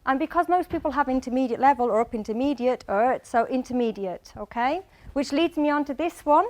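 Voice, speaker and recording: High-voiced Mancunian woman teaching English. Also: a little fast. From England, Manchester. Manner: animated, quizzes the audience by name. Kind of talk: lively classroom lecture. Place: lecture hall.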